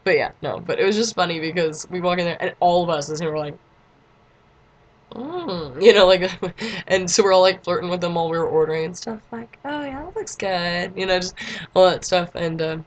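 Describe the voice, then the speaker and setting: A woman's voice: fairly low pitch, steady tone, fast talker. A teenage girl vlogging a casual story, chatty and giggly, filling her talk with "like" and breaking into squeals.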